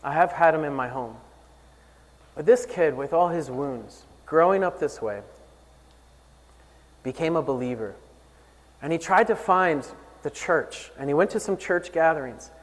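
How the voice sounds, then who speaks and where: A man's voice: animated, measured pace, pauses often. Earnest man preaching in a reverberant hall. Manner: earnest, storytelling, rises and falls in pitch and volume. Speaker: pastor. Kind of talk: sermon.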